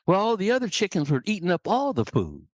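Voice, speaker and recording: A man's voice: sits high, huge pitch swings, fast, dry recording, studio quality. A man, a leadership coach, telling a dramatic story on a podcast.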